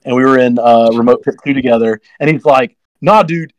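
A young man telling a long story on a podcast, rambling and acting out quotes in sudden high-pitched bursts. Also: steady tone, quick pace, no room sound, muffled recording. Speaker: guest race driver.

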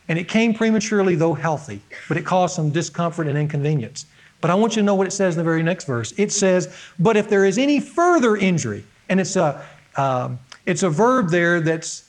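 A man preaching a sermon to his congregation from an outline, earnest and emphatic, stressing key words. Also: sits high. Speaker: pastor.

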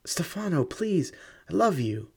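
A man's voice: mid-range voice, normal speed, close to an everyday voice. A man voicing a desperate, lovestruck young working woman who pleads tearfully with her lover in an audiobook reading. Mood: pleading.

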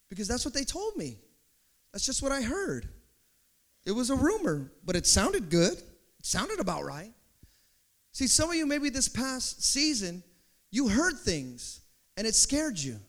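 A man preaching a sermon as pastor, animated, acting out quotes and building to shouts. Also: very high-pitched, a little slow, long pauses.

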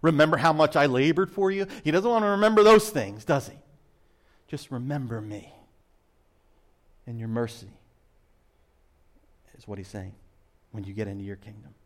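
A man preaching a sermon as pastor, swinging between loud emphasis and hushed asides. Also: mid-range voice, moderate pace, pauses often.

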